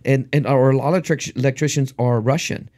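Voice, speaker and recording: A man's voice: mid-range voice, fairly even intonation, fast talker, a little mellow. A middle-aged man in casual podcast chat, blunt and heavy on swearing while telling stories. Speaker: podcast co-host.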